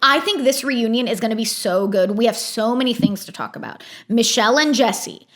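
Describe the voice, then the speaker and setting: A woman's voice: on the high side, normal speed, a bit bright. A young woman recapping a reality show episode in a chatty, opinionated way, acting out quotes as she goes.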